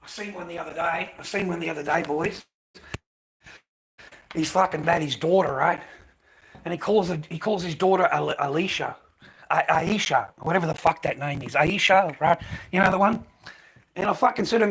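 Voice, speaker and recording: A man's voice: fairly high pitch, normal speed, pauses often, fairly bright tone, husky. An Australian man with an Australian accent, ranting aggressively and profanely at his live-stream chat.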